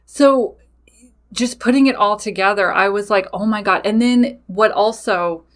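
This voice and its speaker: Animated, swearing woman telling her story. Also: mid-range voice, a little slow. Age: adult with children. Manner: animated, swears freely, talks straight to listeners. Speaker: podcast host. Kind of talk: casual personal storytelling.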